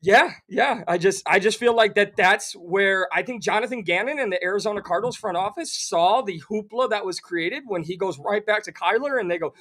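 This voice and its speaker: A man co-hosting a sports podcast, chatting casually and voicing quotes with lively jumps. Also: high-pitched, brisk, few pauses. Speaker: podcast co-host.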